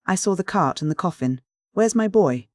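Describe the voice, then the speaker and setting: A man's voice: sits high, expressive, normal speed, dry recording, studio quality, pitched above the performer's own voice. A man voicing an old grieving village widow who whimpers and wails in country dialect. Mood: whimpering. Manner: country dialect, wailing and quavering.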